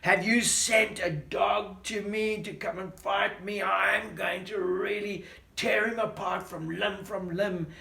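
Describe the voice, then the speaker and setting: A man's voice: high voice, unhurried, gravelly, hardly any pauses, bright, forceful tone, exaggerated voice. A man voicing a huge, boastful giant warrior who bellows taunts. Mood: taunting. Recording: roomy echo.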